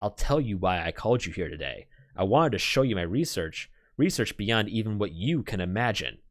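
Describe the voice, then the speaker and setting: A man voicing a bitter, jealous scientist father who shouts with contempt at his daughter, in a visual novel read aloud. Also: fairly low pitch, very animated, brisk. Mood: contemptuous.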